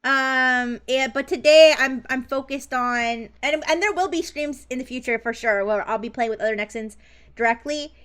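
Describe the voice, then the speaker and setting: A high-pitched woman talks to her viewers during a live stream. Her chat is bubbly and rambling, with giggles and restarts. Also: moderate pace, a bit bright, smooth.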